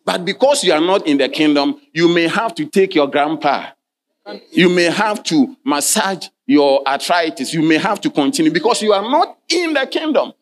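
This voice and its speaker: A male pastor preaching in church, his voice sitting a little high for a man. He reads scripture in archaic King James wording and keeps calling "Hallelujah" and asking his listeners questions. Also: animated, normal speed. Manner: preaching, punctuated by frequent "Hallelujah" and direct questions to the congregation. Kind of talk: sermon.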